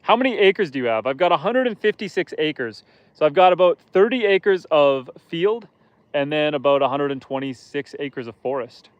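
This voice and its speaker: A man with a somewhat high, smooth voice chats casually with his viewers from a boat, poking fun at himself. The audio is a bit muffled and dry, with no echo. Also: animated, moderate pace. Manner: chatty, self-deprecating, joking. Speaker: live-stream host. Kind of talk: casual live-stream chat, reading viewer comments. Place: outdoors on a lake, in a boat.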